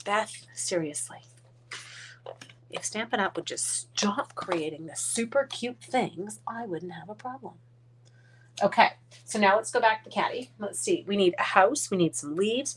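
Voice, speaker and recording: A woman's voice: mid-range voice, lively intonation, moderate pace, a little hiss or hum. Chatty woman demoing crafts on a live stream. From Canada. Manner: chatty, rambling, mutters under her breath; talks to her dogs mid-demo. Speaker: card-making demonstrator.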